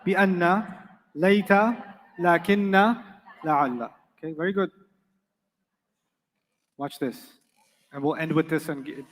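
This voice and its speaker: A man's voice: a little high, big-room sound. A man teaching Arabic grammar to a class, emphatic, repeating key points and quizzing his students.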